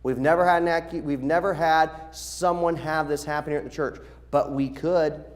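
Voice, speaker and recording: A middle-aged man, a pastor, giving practical instructions to his church's children's workers in a lively, animated way, often acting out the voices of the people he quotes. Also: on the high side, brisk. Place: church sanctuary.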